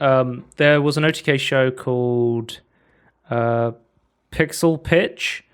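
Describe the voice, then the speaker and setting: A man's voice: mid-range voice, smooth. A man co-hosting a casual podcast, chatting loosely about game demos with lots of fillers. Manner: rambling, lots of fillers and likes. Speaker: podcast co-host.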